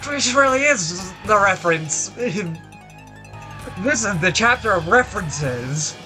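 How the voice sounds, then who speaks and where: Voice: medium pitch, very animated, takes it slowly, pushed and bright, faint music behind. A let's play host making joking, self-mocking asides while playing. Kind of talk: casual gameplay commentary.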